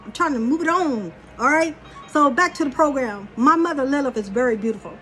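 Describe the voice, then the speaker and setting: A woman's voice: sits high, expressive, a little fast, fairly bright tone, soft background music. A woman rambling through a spiritual monologue, blunt and profane, telling a story in a loose, casual way. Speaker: spiritual channeler.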